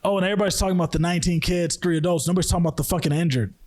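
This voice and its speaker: A man's voice: sits high, steady tone, rapid-fire, a little mellow. A young man hosting a podcast, ranting angrily about the news with heavy swearing and emphatic outbursts. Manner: heated, profane, emphatic. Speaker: podcast host. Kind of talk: angry news rant.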